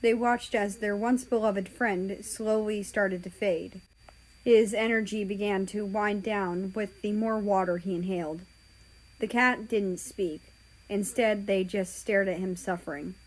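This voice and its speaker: A woman reading a fan story aloud in slow, measured narration. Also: medium pitch, fairly even intonation, poor audio. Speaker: story reader.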